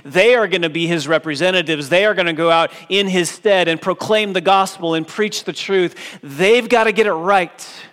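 A man preaches in a church sanctuary, his somewhat high voice carrying a long hall reverb. He drives his points home with emphasis and lowers his voice for scripture quotations. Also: moderate pace, few pauses, smooth. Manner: emphatic preaching, dropping low and soft for quoted scripture. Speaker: pastor. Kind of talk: sermon.

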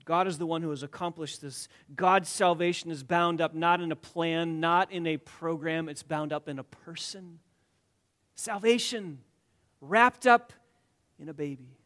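Guy preaching a sermon, voice a bit on the high side, goes real quiet then loud, keeps repeating lines to hammer them home. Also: fairly even intonation, moderate pace, few pauses. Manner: swings from hushed, near-whispered lines to loud emphatic declarations; repeats phrases for emphasis. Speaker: pastor.

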